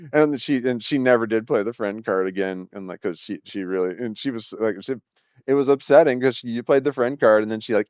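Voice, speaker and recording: Animated swearing man telling a story. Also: medium pitch, dry recording, highs cut off. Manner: animated, swearing, laughing often, acting out quoted voices. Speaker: storyteller recounting a workplace story. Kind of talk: casual storytelling monologue.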